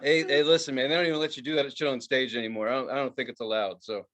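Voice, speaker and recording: A man's voice: medium pitch, rapid-fire, muffled recording. A man from the United States co-hosting a podcast, ranting casually with lots of swearing and mock-quoting others. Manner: animated, swearing, mock-quoting advertisers in raised voice. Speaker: podcast co-host. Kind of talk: casual profane rant.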